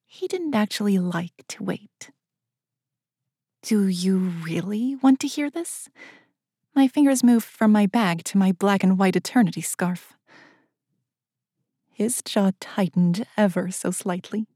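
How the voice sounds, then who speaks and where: A woman narrating a first-person audiobook in a smooth, measured storytelling manner. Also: medium pitch, dark tone, no echo, clean studio sound.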